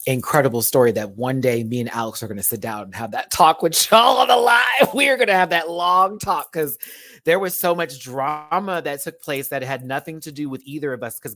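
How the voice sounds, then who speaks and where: A man with a Southern US accent chatting casually on a livestream from a hotel room, animated and full of terms of endearment. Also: fairly low pitch, no room sound, clean studio sound. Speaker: YouTube host.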